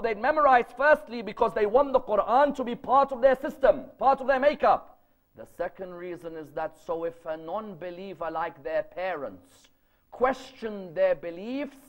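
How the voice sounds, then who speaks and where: At a lecture gathering, a high-voiced man gives a religious talk to a live audience at normal speed, his expressive delivery captured in lo-fi sound. He preaches emphatically, telling stories and firing off rhetorical questions.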